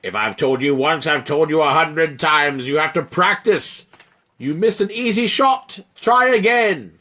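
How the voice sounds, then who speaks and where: Guy doing a big bossy frost giant, booming, nagging, voice cranked high n loud. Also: animated, measured pace, full character voice. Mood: mocking. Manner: booming, mocking and lecturing. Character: huge scolding male frost giant.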